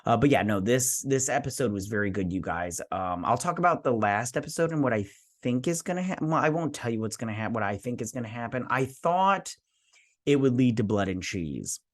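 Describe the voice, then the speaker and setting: A man hosts a TV review channel, giving a casual spoken episode review in an expressive, medium-pitched voice at a fairly quick pace. He's chatty, addresses viewers directly, and uses lots of fillers and self-corrections. The sound is clean studio quality with no echo.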